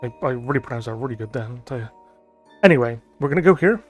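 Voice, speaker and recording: A man's voice: medium pitch, lively intonation, fast, soft background music. A man giving thinking-aloud commentary as he plays a digital board game, reading card text aloud and musing with frequent ums.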